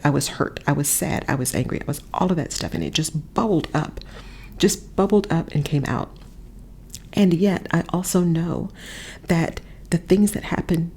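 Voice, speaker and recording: Earnest woman coach, husky low voice. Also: mellow. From Texas. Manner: earnest, emphatic repetitions, drops to a whisper at times. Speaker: podcast host and coach. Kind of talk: reflective motivational monologue. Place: a friend's house, not her usual space. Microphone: different setup than usual.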